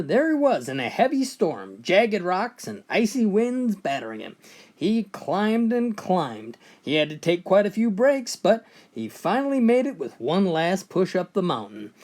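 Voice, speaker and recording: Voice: medium pitch, sing-song, a little slow, darkish tone. A joke teller reading out a run of short funny stories, switching briefly into voices for the characters.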